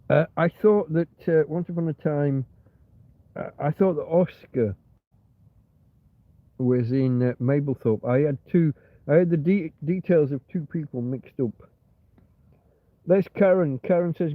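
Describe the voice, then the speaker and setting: Host: husky-voiced man, rambling livestream chatter, mutters, tinny phone-like sound. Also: mid-range voice, dry recording. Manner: rambling, muttering, talks softly to his companion at times. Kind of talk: rambling casual livestream chat. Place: in bed on a cold night.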